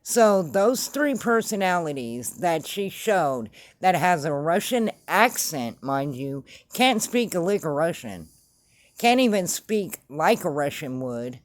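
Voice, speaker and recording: A woman's voice: fairly low pitch, sing-song, slow, no room sound. A woman hosting casual true-crime commentary, blunt and sarcastic. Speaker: commentary host.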